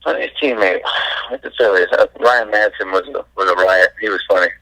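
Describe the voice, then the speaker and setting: A man, a former baseball pitcher, telling stories as a guest in a casual interview, laid-back and laughing as he goes. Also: a little fast, vocal fry, sharp tone, no echo, rough recording.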